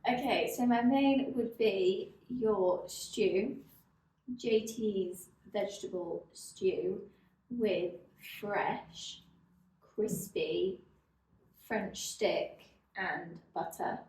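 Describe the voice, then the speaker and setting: A woman, co-hosting a podcast in a playful, deadpan way, teasing her co-host. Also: medium pitch, extremely slow, slight background noise. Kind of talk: casual chat. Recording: echoey room.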